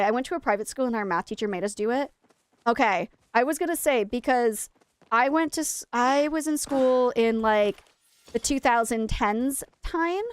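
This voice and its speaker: Chatty higher-voiced woman streaming a game. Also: smooth, no echo. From Maine, United States. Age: 30s. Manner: chatty and animated, talking to her chat while playing. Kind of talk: casual livestream chat while gaming.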